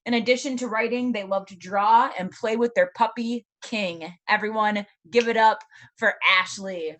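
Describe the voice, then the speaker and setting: A woman's voice: mid-range voice, normal speed, a bit bright. A woman hosting an online poetry showcase, introducing students in an upbeat, encouraging way over a video call. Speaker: host of a poetry show. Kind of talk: casual emceeing.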